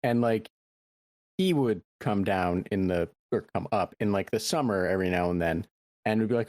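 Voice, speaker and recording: Podcast host, man in his 30s, lowish voice, easygoing and rambling, dry close sound. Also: normal speed, no room sound. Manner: relaxed, rambling with frequent fillers. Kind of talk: casual podcast chat.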